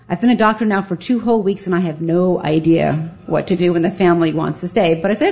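A woman, a physician, telling a live story in a lively, self-mocking way, with a dull lo-fi sound. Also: fairly low pitch, fast talker, vocal fry, few pauses.

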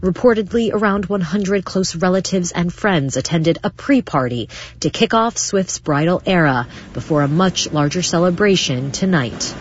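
A woman correspondent narrating a scripted news package in a crisp, brisk way. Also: fairly low pitch, highs cut off.

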